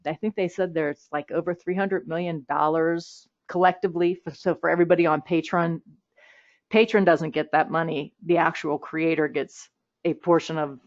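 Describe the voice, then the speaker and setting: A chatty woman hosts a relaxed interview over a video call, laughing often and restarting her sentences as she goes. Her voice sits a little low. The audio is a bit dull and muffled. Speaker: host. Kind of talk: casual interview chat.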